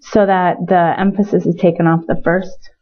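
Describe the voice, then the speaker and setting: A woman's voice: on the low side, little pitch movement, normal speed, a little hiss or hum. A woman teaching a recorded Spanish grammar lesson in a chatty way, repeating words for emphasis. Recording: tinny phone-like sound.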